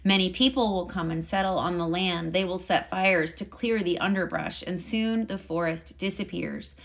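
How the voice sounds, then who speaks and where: A woman's voice: lowish voice, normal speed, creaky. A woman voicing a squawking toucan who speaks urgently in a storybook read-aloud.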